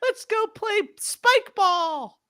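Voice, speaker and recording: A man's voice: extremely high pitch, lively intonation, very slow, bright, forceful tone, no room sound, clean studio sound, pitched above the performer's own voice, exaggerated voice. A man voicing a carefree young boy at the beach, reading ad copy in a bubbly sing-song way. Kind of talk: comic voiced ad reading.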